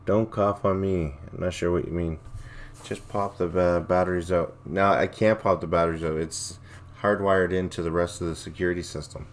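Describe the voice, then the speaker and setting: A man's voice: sits low, fairly even intonation, moderate pace. A man hosting a livestream, chatting casually in a rambling, laid-back way and reacting to viewer comments. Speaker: livestream host.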